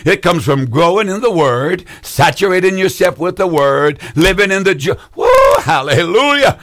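An older man in his seventies preaches to callers with fervent energy. His voice sits slightly high, and he repeats lines to drive them home. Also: normal speed, a bit bright. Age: 70s. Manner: fervent, repeats phrases for emphasis, calls out hallelujahs. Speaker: preacher hosting a call-in program. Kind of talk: call-in preaching.

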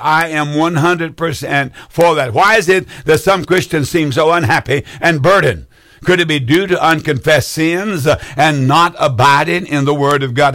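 An older man in his seventies preaches to callers with fervent energy. His voice sits slightly high, and he repeats lines to drive them home. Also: a bit bright. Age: 70s. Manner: fervent, repeats phrases for emphasis, calls out hallelujahs. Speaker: preacher hosting a call-in program. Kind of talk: call-in preaching.

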